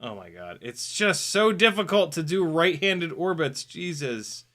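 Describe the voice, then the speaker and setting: A man vlogging as he flies a small drone, talking to himself in casual commentary with quick exclamations and the odd swear word. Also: fairly high pitch, big pitch swings, sharp tone. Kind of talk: casual commentary while flying.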